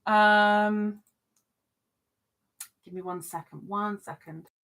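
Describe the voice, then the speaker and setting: A woman's voice: mid-range voice, fairly even intonation, slow pace, fairly bright tone. A woman hosting a casual live stream, reading out viewers' comments and answering them in a teasing, chatty way.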